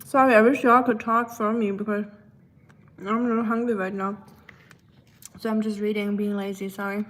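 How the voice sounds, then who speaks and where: A German woman livestreaming from home, chatting casually with viewers and reading comments, with lots of ums and a relaxed, unhurried manner. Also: mid-range voice. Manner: relaxed, many ums, switches between English and German.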